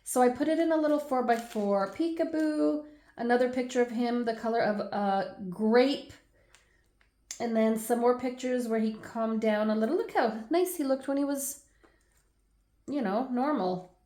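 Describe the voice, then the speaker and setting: A woman's voice: fairly high pitch, normal speed. Chatty woman scrapbooker in echoey room. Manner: chatty, laughing, animated asides. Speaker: scrapbooking channel host. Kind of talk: casual chatty album walkthrough.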